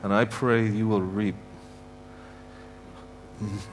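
A man from Canada, the guest preacher, speaks slowly in a lowish voice with a flat delivery. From the church sanctuary, he gives a heartfelt sermon that emphatically repeats his points and pronounces blessings on the congregation, with a little hiss or hum audible.

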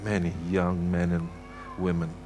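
With faint music behind him, a Canadian guest preacher speaks in a low, darkish, monotone voice at a slightly slow pace. His heartfelt sermon in the church sanctuary features emphatic repetition and blessings pronounced over the congregation.

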